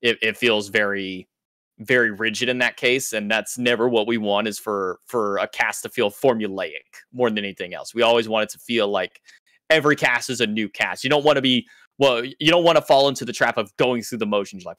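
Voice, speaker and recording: A man's voice: on the low side, fairly quick, pushed and bright, no echo, studio quality. A man who works as an esports caster, explaining things in loose casual podcast talk with lots of filler words.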